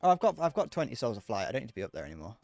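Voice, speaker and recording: Lively man streaming a game. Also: medium pitch, racing, no echo, soft background music. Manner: rambling, joking, answers chat messages. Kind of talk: casual live-stream chat while gaming.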